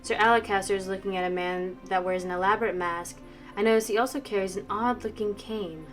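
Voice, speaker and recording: A woman streamer reading a visual novel aloud, brisk narration with playful asides. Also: medium pitch, steady tone. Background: faint game music.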